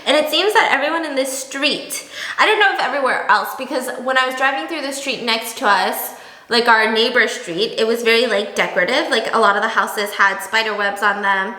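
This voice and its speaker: Chatty young woman vlogging, animated storyteller, roomy echo. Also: fairly high pitch, a little fast. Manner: chatty, animated, laughs while telling stories. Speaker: beauty vlogger. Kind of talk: casual storytelling vlog.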